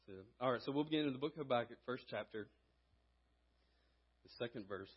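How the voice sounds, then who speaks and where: A man preaching a sermon in a church, earnest, growing louder as he exhorts. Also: mid-range voice, fairly quick, breathy edge, highs cut off. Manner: earnest, rising in volume when reading and exhorting. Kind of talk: sermon with scripture reading and prayer. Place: church sanctuary.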